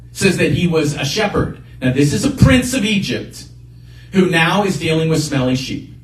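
Earnest preacher man in an echoey room. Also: mid-range voice. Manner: earnest, emphatic preaching with repeated phrases. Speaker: pastor. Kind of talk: sermon. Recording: echoey room picked up from a distance.

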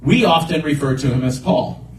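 A man's voice: a little high, animated, moderate pace, slight background noise. A man preaching a sermon as a pastor, earnest and emphatic, repeating his key points. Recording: echoey room picked up from a distance.

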